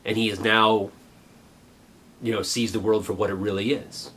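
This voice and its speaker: A man in his forties earnestly recalling a childhood memory in a halting, reflective way. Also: on the low side, level tone, fairly bright tone, husky. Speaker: vlogger. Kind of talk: personal reminiscence.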